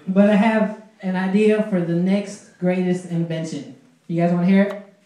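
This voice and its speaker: A man doing a stand-up comedy set at an open mic, telling crude stories with a deadpan delivery. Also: high voice, moderate pace. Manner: deadpan storytelling, crude punchlines. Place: small club at an open mic. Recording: very echoey room.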